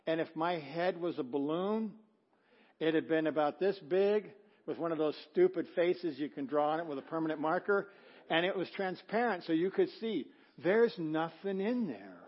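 A middle-aged male pastor preaching a sermon, telling a story with acted-out quotes and swinging from loud to hushed. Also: a little high, animated, moderate pace, highs cut off. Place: church sanctuary.

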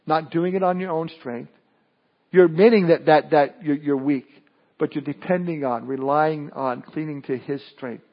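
Male preacher, casual sermon delivery with frequent restarts, slightly high voice, lo-fi capture. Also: steady tone, moderate pace. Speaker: pastor.

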